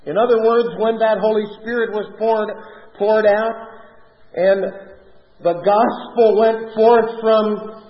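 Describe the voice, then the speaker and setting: A man preaching a sermon with emphatic stresses that fall away into soft drops. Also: high voice, fairly even intonation, takes it slowly. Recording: echoey hall, dull lo-fi sound.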